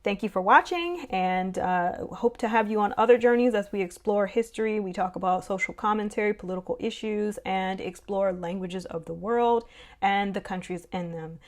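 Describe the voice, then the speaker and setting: A woman's voice: medium pitch, moderate pace. A woman talking through history in a casual vlog, conversational and rambling with lots of fillers. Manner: conversational, rambling, many "you know" and "um" fillers. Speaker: history vlogger.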